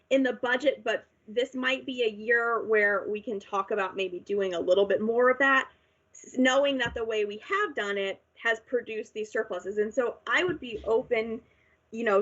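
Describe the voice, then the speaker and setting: Earnest husky woman at a public meeting. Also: fairly high pitch, a bit bright. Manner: earnest and emotional, halting with restarts. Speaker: town finance official. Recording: dull lo-fi video call audio.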